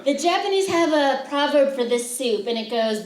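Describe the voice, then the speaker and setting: Higher-voiced woman poet, distant and roomy. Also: expressive, normal speed, few pauses. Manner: chatty, humorous storytelling with frequent "um" fillers. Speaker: poet giving a reading. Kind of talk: poetry reading with spoken anecdotes. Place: lecture room with students. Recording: roomy sound, voice distant from the mic.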